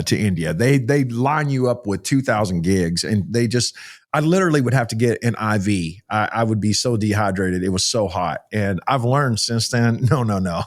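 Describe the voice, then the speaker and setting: A middle-aged pastor from Texas speaks. He tells his stories in a folksy, animated way, often restarting his sentences. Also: lowish voice. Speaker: pastor and child rescuer. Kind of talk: interview storytelling.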